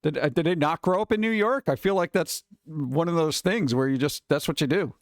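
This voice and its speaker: A man's voice: a little high, a little fast, dry recording, studio quality. A man streaming live, chatting casually and rambling while answering his viewers. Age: adult.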